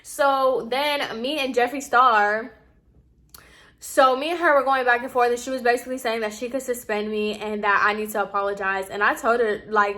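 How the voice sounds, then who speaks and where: A young woman recounting a story to her vlog audience, her voice bright and fairly high. She talks casually and gets animated and exasperated as she acts out both sides of the conversation. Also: moderate pace. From Puerto Rican heritage. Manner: animated, exasperated retelling, acting out quotes. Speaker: vlogger.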